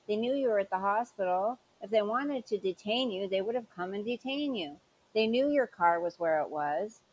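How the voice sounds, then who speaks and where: A woman's voice: medium pitch, a little mellow, slight background noise, poor audio. A woman hosting a commentary show, sarcastic and scolding as she mocks the clips she reacts to. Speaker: commentary channel host.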